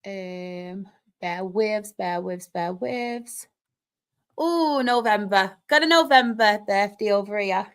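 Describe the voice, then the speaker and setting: A young woman from the North of England hosts a live stream, chatting casually and reading viewer comments aloud. She's excitable and quick to laugh, with a smooth, medium-pitched voice.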